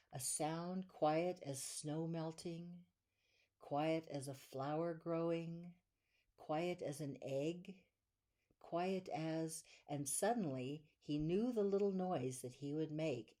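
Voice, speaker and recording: A woman reading a children's bedtime story aloud in a gentle, soothing way, drawing out the repeated lines. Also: low-pitched. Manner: gentle, soothing, drawn-out repetitions.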